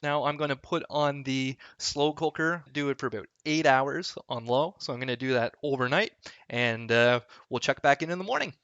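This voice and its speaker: A man's voice: medium pitch, moderate pace, a bit bright, clean tone, lo-fi sound. A man, chatting casually through a home cooking vlog, rambling and poking fun at himself. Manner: self-deprecating, joking, rambling. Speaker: cooking vlogger. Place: home kitchen.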